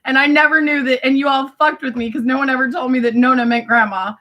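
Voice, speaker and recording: A woman talking to friends in a rambling, animated monologue, laughing often and swearing casually. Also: high voice, fast, lo-fi sound. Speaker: vlogger addressing family friends.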